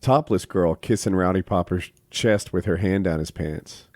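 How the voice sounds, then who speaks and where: Low voiced podcast guy, deadpan, chill. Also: normal speed, no echo, studio quality. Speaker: podcast co-host. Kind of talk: casual chat.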